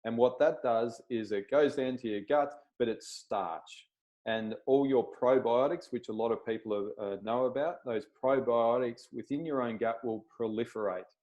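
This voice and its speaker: A man's voice: mid-range voice, normal speed, a little mellow, rough recording. A man, a chiropractor, giving a plain-spoken explanatory talk over a video call and checking in with his listeners.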